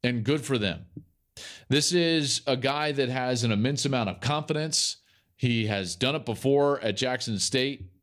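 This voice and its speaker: A man's voice: mid-range voice, a little slow, fairly bright tone. A man hosting a sports podcast, giving emphatic solo commentary and repeating key phrases for effect. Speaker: podcast host and college football analyst.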